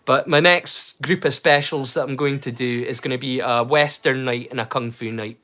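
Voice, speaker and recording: A man's voice: mid-range voice, steady tone, normal speed, sharp tone. A man with a Scottish accent, hosting a casual livestream and chatting in a rambling way, full of restarts and slang. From Scotland. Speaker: livestream host. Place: home in rural Scotland.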